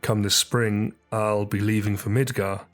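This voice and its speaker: A man's voice: lowish voice, little pitch movement, measured pace, faint music behind, natural voice. A man voicing a determined teenage village boy, earnest and prone to stammering. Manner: earnest, stammering when flustered.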